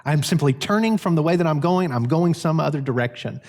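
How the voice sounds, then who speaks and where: A man's voice: a little high, lively intonation, brisk, a little mellow. A man preaching a sermon as pastor, earnest and emphatic. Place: church sanctuary.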